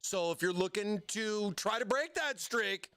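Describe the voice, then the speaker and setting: Hyped, bright-voiced livestream host man. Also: sits high, expressive, a little slow, smooth, no echo, clean studio sound. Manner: hyped, slangy, calls viewers baby and bro. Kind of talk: casual livestream chat.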